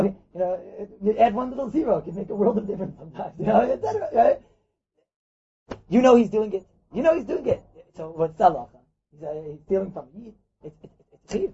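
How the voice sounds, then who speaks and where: A man leads a lively Talmud class, swinging his voice high and low as he acts out little scenes. His voice is rough and husky, quick in delivery. The recording is dull and lo-fi. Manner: acts out dialogues, mixes Yiddish and Hebrew terms, repeats points. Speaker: rabbi teaching Talmud class. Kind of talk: animated Torah lecture.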